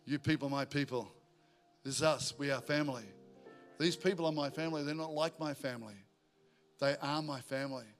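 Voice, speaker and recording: A male pastor, preaching a sermon in a church in a joking, energetic way. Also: fairly high pitch. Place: church auditorium.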